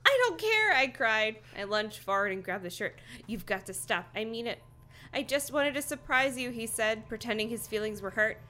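A woman's voice: a little high, normal speed, pushed and bright, faint music behind. A woman co-hosting a podcast, reading a children's horror book aloud in a playful, mock-dramatic way.

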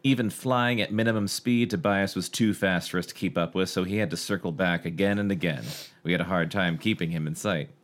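A woman's voice: a bass voice, a little fast. A woman co-hosting a casual podcast over a video call, reading a novel aloud with sarcastic, swearing asides.

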